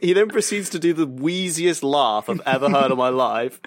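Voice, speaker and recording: A man's voice: fairly high pitch, moderate pace. A man co-hosting a podcast, telling a story in casual chat and laughing often as he goes. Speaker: podcast co-host.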